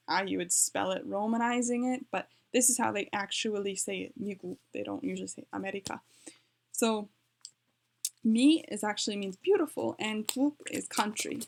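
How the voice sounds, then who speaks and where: A woman walks through a beginner lesson at home in a loose, chatty way. She corrects herself mid-sentence as she types, and her voice sits at an ordinary middle pitch. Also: gravelly. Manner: chatty, self-correcting, talks while typing. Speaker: language learning vlogger. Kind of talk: casual tutorial. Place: home, with her dog nearby.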